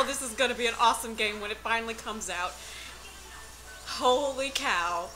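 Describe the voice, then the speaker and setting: High bright squealing young woman. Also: lively intonation, normal speed, long pauses, poor audio. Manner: gushing, squealing, repeated exclamations. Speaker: video reactor. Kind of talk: excited trailer reaction. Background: trailer music playing faintly.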